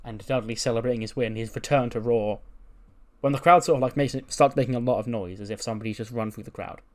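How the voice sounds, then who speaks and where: A man narrating his game playthrough in a casual, animated way. His voice sits at a middling pitch, and he swears freely as he spins the story. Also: fast talker. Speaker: video game let's play narrator.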